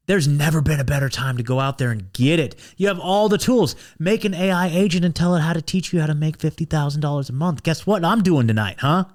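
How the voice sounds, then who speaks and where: A man's voice: on the high side, a little fast. A man hosting a podcast, delivering a fired-up, profane monologue full of restarts and fillers, like an evening pep talk. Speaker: podcast host.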